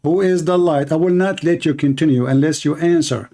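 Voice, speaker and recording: A man with an Arabic accent argues in a heated live debate, cutting in and mocking the other side. His voice sits fairly high for a man. He repeats one question insistently and won't let it drop. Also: fairly quick, warm tone. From Middle East. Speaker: debate host.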